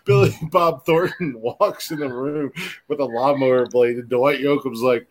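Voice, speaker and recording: A man's voice: mid-range voice, moderate pace. A man co-hosting a podcast, bantering crudely, swearing and laughing often as he tells stories. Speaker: podcast co-host.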